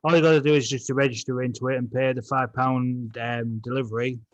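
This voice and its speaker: A man's voice: medium pitch, steady tone, quick pace, no room sound, highs cut off. A man co-hosting a podcast, reading out a list of deals and stumbling over product names. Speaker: podcast co-host.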